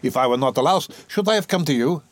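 A man's voice: fairly high pitch, expressive, fast talker, no echo, pitched above the performer's own voice, natural voice. A man reading aloud, voicing a tormented young man who speaks bitterly and defiantly. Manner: brooding, bitter, bursting into agitated outcries. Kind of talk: audiobook reading.

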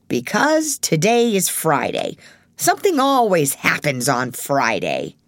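A man's voice: on the high side, wildly swooping pitch, takes it slowly, a bit bright, no room sound, studio quality, full character voice. A woman voicing a gloomy, grumbling actor. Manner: grumbling, doom-laden. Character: gloomy superstitious male actor.

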